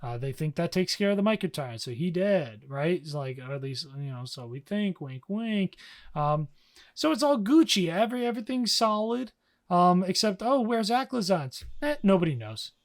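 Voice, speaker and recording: Slangy young man with a raised voice. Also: sits high. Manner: slangy, animated, breaks into quick character voices. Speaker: podcast co-host. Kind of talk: casual story recap.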